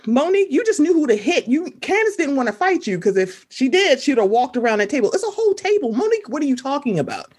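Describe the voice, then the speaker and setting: A woman in casual chat, telling stories animatedly and acting out what people said. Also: high-pitched. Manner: animated, fast storytelling, quoting people in voices.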